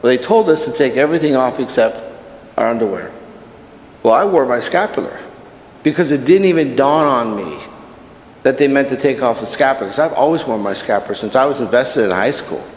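Priest preaching in an echoey church. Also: male voice, medium pitch, lively intonation, fairly quick, slight background noise. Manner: conversational preaching with personal anecdotes. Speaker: Catholic priest. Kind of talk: sermon at Mass.

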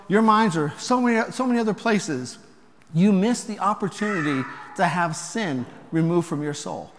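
High-voiced priest preaching in a reverberant church. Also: male voice, moderate pace. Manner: conversational preaching, rhetorical questions, gentle humor. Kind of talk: sermon.

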